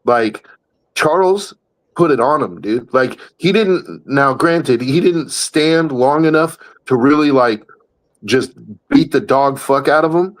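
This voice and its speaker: A podcast co-host with a medium-pitched voice chats casually, speaking bluntly and emphatically and swearing freely. The audio quality is poor.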